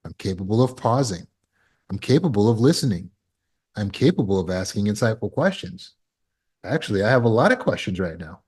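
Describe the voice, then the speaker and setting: Speaking fairly quickly in a lowish, sing-song voice with a dark, breathy edge, a man runs a trauma recovery class over video. His teaching is earnest, punctuated by acted-out scenes and flashes of alarm.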